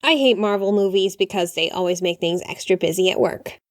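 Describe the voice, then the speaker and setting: A young woman hosting a podcast, talking in a chatty, animated way with quick apologies and asides. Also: medium pitch, no echo, studio quality. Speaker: podcast host. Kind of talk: casual podcast monologue.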